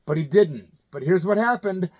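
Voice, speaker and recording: A man's voice: high voice, lively intonation, normal speed, a little mellow. A man in his fifties from the American Midwest, telling rock stories in a loose, colloquial way and acting out the people he quotes. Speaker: channel host telling stories. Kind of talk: casual anecdotal storytelling.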